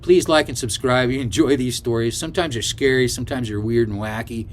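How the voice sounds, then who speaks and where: A man's voice: mid-range voice, fairly quick, slight background noise. Rambling older man telling a story. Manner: rambling, chatty, full of asides and "you know". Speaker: travel vlogger. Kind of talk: casual storytelling to camera.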